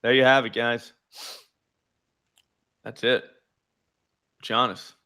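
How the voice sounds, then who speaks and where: A man hosting a live sports betting show, explaining his picks in fast, animated casual talk full of filler words. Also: medium pitch, clean tone.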